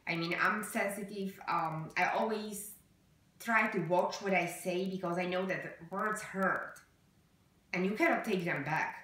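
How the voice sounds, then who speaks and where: A woman speaks to her viewers in a personal vlog, earnest and emotional, halting on fillers and restarts. Her voice is bright and forceful. She sits away from the mic in a very echoey room. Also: lowish voice, distant mic. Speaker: vlogger. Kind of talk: personal vlog talk to camera.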